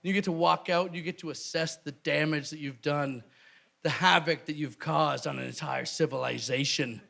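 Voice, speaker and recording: A Canadian man doing a stand-up comedy set, animated and breaking into loud shouted bits. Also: on the high side, moderate pace, creaky. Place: live comedy venue with audience.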